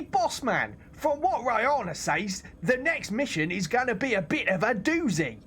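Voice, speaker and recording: A man's voice: pushed and bright, husky, full character voice. Man hamming up a cheeky British mech technician. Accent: exaggerated London English. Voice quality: high, laughing, drawn-out delivery. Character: cocky cheerful male mech technician, cartoonish Brit.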